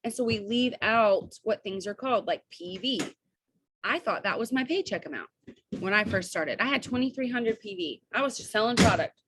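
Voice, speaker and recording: A young woman coaching her team on a video call, chatty and upbeat, with quick asides and bits of quoted dialogue. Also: mid-range voice, expressive, fairly bright tone, slight background noise.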